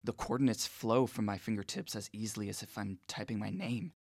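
A man's voice: lowish voice, fairly even intonation, brisk, vocal fry, a little mellow, no room sound, studio quality. A man giving scripted first-person narration as an earnest, self-conscious inner monologue.

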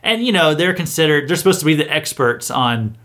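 A man's voice: on the high side, expressive, brisk, fairly bright tone. A man hosting a satirical news show, delivering a mock-earnest, sarcastic monologue with hesitant restarts.

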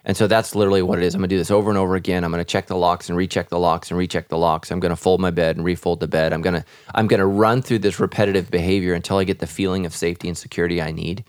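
A man's voice: low-pitched, steady tone, rapid-fire, few pauses, no echo, clean studio sound. A man, a pastor, speaking earnestly and reflectively in a podcast conversation about faith.

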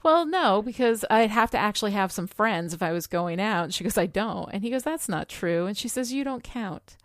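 A woman's voice: medium pitch, animated, moderate pace, no room sound, studio quality. A woman co-hosting a casual chat about a TV episode, enthusiastic and full of "you know" fillers. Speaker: podcast co-host.

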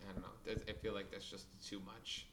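A young man co-hosting a casual chat, opinionated and rambling, often trailing off softly. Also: sits low, little pitch movement, a little fast, noisy background. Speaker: co-host.

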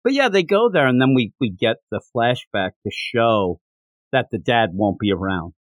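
A man's voice: mid-range voice, moderate pace, no echo, studio quality. A man co-hosting a podcast, casually recapping a manga and acting out the characters' lines as he tells it. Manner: animated storyteller, acts out characters' lines. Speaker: podcast co-host.

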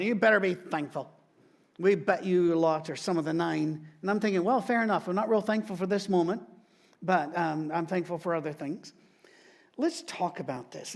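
High-voiced man preaching with humor. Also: vocal fry. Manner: conversational, humorous, animated storytelling. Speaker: pastor. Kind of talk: sermon with storytelling.

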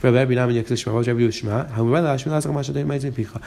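A man teaching a Talmud page, quickly reading the Aramaic and explaining it in English. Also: medium pitch, steady tone, vocal fry, warm tone. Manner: rapid, mixing Aramaic and English. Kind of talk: fast daf yomi lesson.

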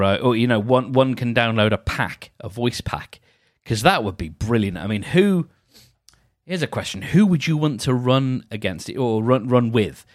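A man's voice: on the low side, no echo, studio quality. A man hosting a solo podcast, chatting in a meandering, self-deprecating way. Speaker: podcast host. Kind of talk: rambling solo podcast chat.

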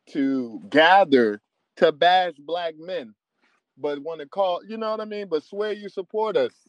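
A man's voice: high-pitched, no echo, highs cut off. A man hosting a live audio room, ranting crudely and cursing with frequent laughter. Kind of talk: profane casual rant to listeners.

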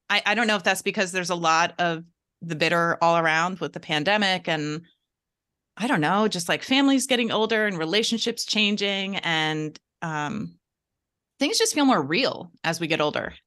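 A woman's voice: medium pitch, moderate pace, pushed and bright. A woman co-hosting a book podcast, speaking candidly and wistfully with many fillers. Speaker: book club podcast co-host. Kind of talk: casual book chat.

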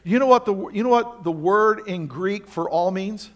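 Male pastor, high pitch, emphatic sermon delivery with pointed questions. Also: moderate pace. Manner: emphatic preaching with rhetorical questions.

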